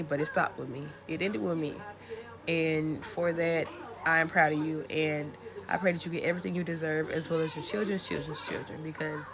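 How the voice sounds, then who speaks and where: A young adult woman giving a casual, encouraging motivational talk to camera, addressing the listener warmly and conversationally. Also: low-pitched. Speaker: spiritual content creator.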